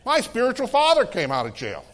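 A middle-aged man, a pastor, preaching a sermon in a conversational way, laughing between phrases and swinging from loud exclamations to hushed, soft tones. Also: extremely high pitch, wildly swooping pitch, a little fast.

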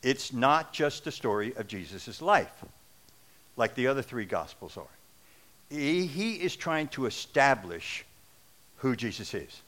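A middle-aged preacher delivers a sermon in a conversational, earnest way with touches of wry humor. His voice is bright and forceful, and sits in a middle pitch. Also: very animated, measured pace.

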